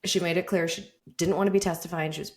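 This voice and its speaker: A woman attorney, a podcast guest, telling a story in casual chat, animated and laughing as she goes. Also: on the low side, fast talker.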